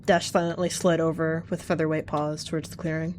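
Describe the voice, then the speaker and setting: A woman's voice: sits low, level tone, brisk, a little mellow, faint music behind. A woman giving dramatic, vivid storytelling narration of a game roleplay. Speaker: channel host narrating a roleplay.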